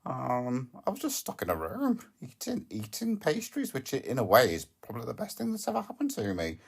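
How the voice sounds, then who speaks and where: A woman hosting a comic podcast, rambling in a deadpan, hesitant way with constant ums and self-corrections. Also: extremely low pitch, brisk, gravelly, breathy edge. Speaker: podcast host.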